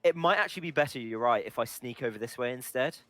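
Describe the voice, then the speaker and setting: A man's voice: medium pitch, quick pace, bright, forceful tone, dry recording, soft background music. A man playing a tabletop game, thinking aloud and unsure, asking the group for advice. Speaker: player. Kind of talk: casual tabletop game chat.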